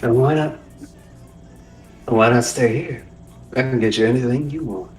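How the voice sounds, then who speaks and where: A man's voice: medium pitch, measured pace, distant mic, soft background music, lightly acted, poor audio. A man doing a sly, scornful shady dealer. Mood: sly, scheming. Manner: sly, scornful deal-making.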